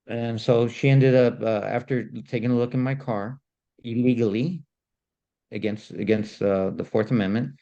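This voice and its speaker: A man casually telling a story on a podcast, animated and indignant, often repeating himself. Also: medium pitch, normal speed, muffled recording. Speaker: podcast co-host.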